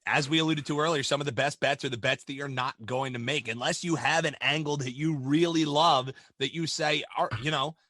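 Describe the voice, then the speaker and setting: A man co-hosting a sports betting podcast, talking in an energetic, casual way and often repeating words as he starts a phrase. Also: on the high side, brisk, few pauses, no echo. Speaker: podcast co-host.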